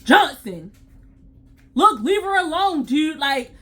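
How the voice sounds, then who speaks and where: A woman quoting a calm older man supervisor. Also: very high-pitched, slow pace, full character voice.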